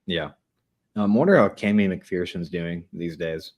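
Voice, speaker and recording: Very deep-voiced, joking podcast host man. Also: normal speed. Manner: relaxed, joking, upbeat sign-off. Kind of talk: casual podcast chat.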